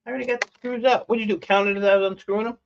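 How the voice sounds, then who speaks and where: A man's voice: high-pitched, very fast, gravelly, dull audio, slight background noise. A man hosting a casual livestream, chatting as he takes apart electronic scrap and gushing over what he finds. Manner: excitable, gushing exclamations. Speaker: host dismantling e-waste for scrap. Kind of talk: casual livestream chat while working.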